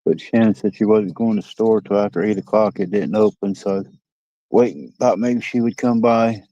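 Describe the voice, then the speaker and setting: A man's voice: lowish voice, fairly even intonation, brisk, mellow, no echo, lo-fi sound. Folksy Midwestern man streaming from a dock. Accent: Midwestern American. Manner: rambling, folksy, chats to viewers and reads comments. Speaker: live streamer. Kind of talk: casual live-stream chat while fishing. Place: outdoors by a lake dock. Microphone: phone.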